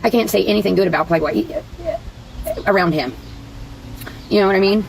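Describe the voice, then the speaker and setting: A woman livestreaming to her viewers, rambling and venting with plenty of profanity. Her voice has a gravelly, fried texture at a mid pitch. Faint background noise runs under her talk. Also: fairly quick, poor audio. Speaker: livestreamer talking to her chat. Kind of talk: casual livestream chat.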